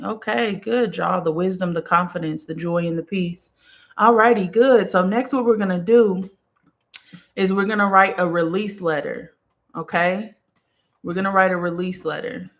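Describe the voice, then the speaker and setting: Brief: relaxed woman live-stream host, low-pitched, affirming and chatty, reads comments aloud. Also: normal speed, gravelly. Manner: affirming, repeats "okay" and "period", relaxed and chatty; yawns and sighs now and then. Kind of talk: casual live-stream chat reading viewer comments.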